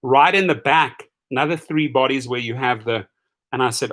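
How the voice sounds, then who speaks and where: A man hosting a live rideshare stream, ranting and telling stories in a mocking, animated way with casual profanity, speaking straight to his viewers. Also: medium pitch, moderate pace. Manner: animated, mocking, swings between shouting and muttering. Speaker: rideshare channel host.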